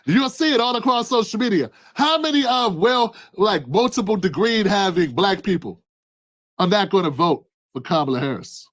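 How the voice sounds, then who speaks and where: High and fairly bright, this man's voice swings widely in pitch at a moderate pace. Hosting his own channel, he gives heated political commentary, repeating rhetorical questions and speaking to a listener by name.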